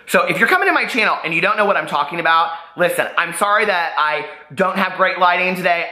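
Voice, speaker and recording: A man's voice: on the high side, pushed and bright, roomy sound. A man ranting in an upset, agitated vlog, rambling and restarting as he speaks. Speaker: YouTuber responding to allegations. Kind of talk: emotional vlog rant.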